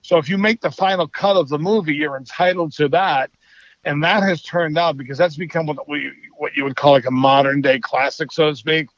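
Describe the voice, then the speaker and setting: A man's voice: fairly high pitch, fairly quick, no room sound, highs cut off. A man from Boston, a working actor, chatting easily and rambling a little as a podcast guest. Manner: easygoing, rambling, self-correcting. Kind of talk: casual interview chat.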